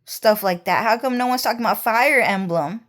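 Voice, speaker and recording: A woman's voice: on the high side, a little fast, fairly bright tone. A woman talking in a rambling, repetitive monologue, casual and peppered with swearing. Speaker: vlogger.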